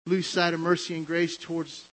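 A man's voice: a little high, completely flat delivery, moderate pace, fairly bright tone, rough recording. A man preaching a testimony sermon, telling his story in a conversational way with frequent asides to the listeners.

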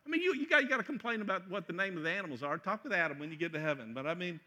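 A middle-aged man preaching a sermon, joking and acting out scenes, sometimes breaking into loud shouts. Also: high-pitched, very fast. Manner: animated, joking, acts out voices with loud shouts. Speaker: pastor.

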